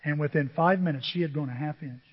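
A middle-aged man preaching a sermon, telling humorous stories with animated asides to the congregation. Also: a little high, fast talker, a little hiss or hum. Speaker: pastor. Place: church sanctuary. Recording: dull reverberant church recording.

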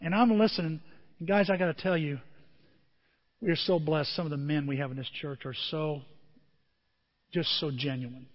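High-voiced preacher in a reverberant hall. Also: male voice, normal speed, long pauses. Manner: animated storytelling with asides to the congregation. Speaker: pastor. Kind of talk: sermon. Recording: dull sound with long hall reverb.

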